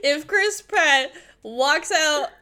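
Bright-voiced, sarcastic woman co-host. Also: sits high, expressive, drawn-out words. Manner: laughing, sarcastic, mock-quoting. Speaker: podcast co-host. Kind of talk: casual chat.

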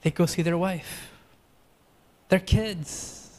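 A man preaching a sermon, earnest and rhetorical, moving between quick runs and slow, emphatic phrases. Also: sits high, darkish tone.

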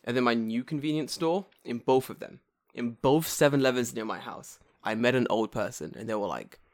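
A young man from London with a London accent trades anecdotes in a casual chat, his mid-range voice brisk. His storytelling is animated and full of swearing, punctuated by sudden loud outbursts.

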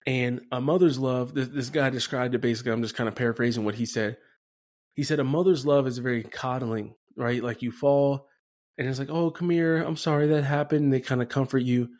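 A man's voice: mid-range voice, steady tone, a little fast, darkish tone. A man hosting a Catholic reflection podcast, talking casually and conversationally, often tagging his points with "right?". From Denver area, USA. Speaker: podcast host.

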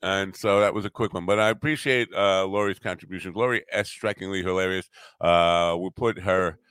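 A middle-aged man hosting a talk radio show, chatting casually and rambling, halting often with fillers and self-deprecating asides. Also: low-pitched, steady tone, fairly bright tone, clean tone, no room sound, clean studio sound.

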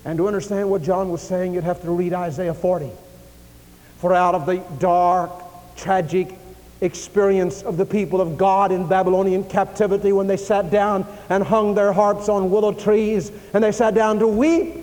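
Dramatic high-voiced preacher in an echoing hall. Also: male voice, level tone, normal speed. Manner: dramatic, acts out dialogue, swings from loud to hushed. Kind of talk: sermon. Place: church sanctuary.

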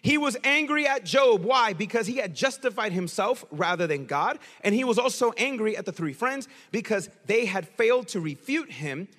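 Male preacher, high pitch, casual slangy sermon, long reverb from the hall. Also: normal speed, few pauses. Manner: casual, slangy, animated storytelling.

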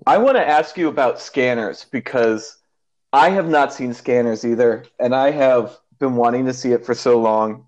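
A man's voice: medium pitch, a little mellow. A man from the Midwest hosting a podcast in casual chat, chatty and laughing often. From American Midwest. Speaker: podcast host. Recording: slightly dull lo-fi sound.

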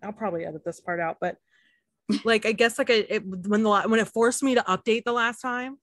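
A woman's voice: medium pitch, a little fast, dry recording. Chatty laughing woman, dry sound. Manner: chatty, laughs often, many fillers. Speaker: podcast co-host. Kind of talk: casual chat recapping a reality show.

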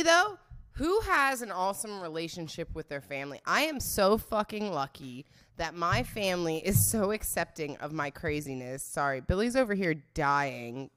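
A young woman hosting a casual livestream, loud and laughing, swearing often as she chats to her viewers. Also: deep voice, smooth. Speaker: livestream host.

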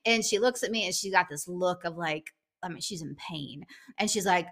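A middle-aged woman co-hosting a podcast, telling a story in a casual chat and acting out the quotes with big jumps in pitch. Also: normal speed, bright, forceful tone. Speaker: podcast co-host.

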